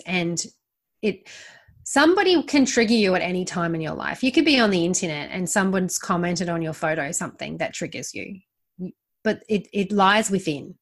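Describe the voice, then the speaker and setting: A woman's voice: medium pitch, fairly bright tone. An Australian woman who is a podcast guest, talking earnestly about relationships and triggers in a casual interview. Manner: earnest, advice-giving, laughs easily.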